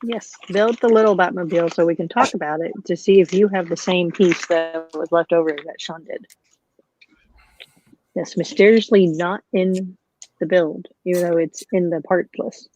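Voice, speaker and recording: A woman's voice: fairly low pitch, steady tone, normal speed, darkish tone, lo-fi sound, a little hiss or hum. A woman co-hosting a live building stream who chats in an easygoing way and laughs often. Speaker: co-host. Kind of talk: casual chat while building.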